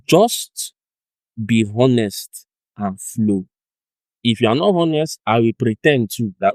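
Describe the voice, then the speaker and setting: A man's voice: medium pitch, unhurried, dry recording. A young Nigerian man giving an informal teaching on discipleship, acting out chats in pidgin. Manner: animated, acts out chats in pidgin and laughs.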